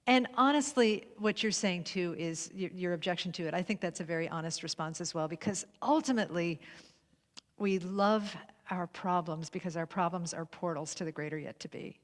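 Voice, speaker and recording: A woman's voice: on the low side, normal speed. A woman hosting a spiritual livestream conversation, laughing often and affirming her guest. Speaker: livestream host. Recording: long hall reverb.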